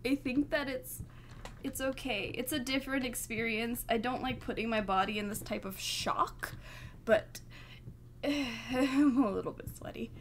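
A woman's voice: on the high side, unhurried, noisy background. A woman hosting a horror game let's play, jumpy and nervous, laughing through scares and chatting with her viewers. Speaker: gaming channel host.

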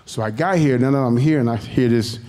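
A man with a warm, mellow voice shares his personal testimony. He tells it in an animated, colloquial way, at a middling pitch. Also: a little fast. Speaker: congregation member.

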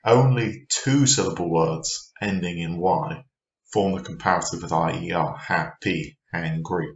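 A man teaching an online English grammar lesson, slow and patient, often asking the viewer questions. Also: deep voice, echoey room, highs cut off.

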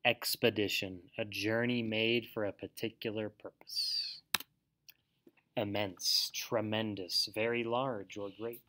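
A man teacher reading a story aloud to children, with an expressive, animated delivery. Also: lowish voice, slow, background noise.

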